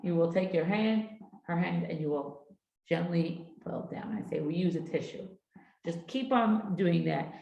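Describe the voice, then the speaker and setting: A woman's voice: on the low side, normal speed, creaky, highs cut off. Middle-aged woman, parenting class teacher, storytelling lecture, room echo. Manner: lively storyteller who acts out family dialogue. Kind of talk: lecture with anecdotes. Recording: echoey room.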